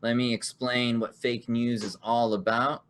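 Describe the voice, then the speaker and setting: Man as game show host, upbeat, mid pitch, laughs a lot while explaining rules. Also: little pitch movement, unhurried, a bit bright, a little hiss or hum. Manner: upbeat, laughing often, reading rules aloud. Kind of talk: hosting an online improv card game.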